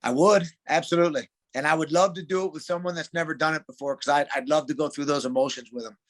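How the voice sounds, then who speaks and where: A middle-aged man, a wrestling coach, chatting as a podcast guest in an emphatic, excitable way. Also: on the high side, fast. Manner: emphatic, excitable, calls people dude. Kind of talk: casual interview chat.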